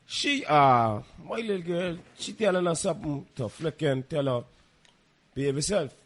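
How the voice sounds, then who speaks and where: This is a man with a high voice talking on a casual podcast. He lectures with emphasis and hammers each point more than once. He stays chatty rather than formal. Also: expressive, normal speed, a bit bright. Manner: calls listeners "boy". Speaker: podcast co-host. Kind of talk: casual chat.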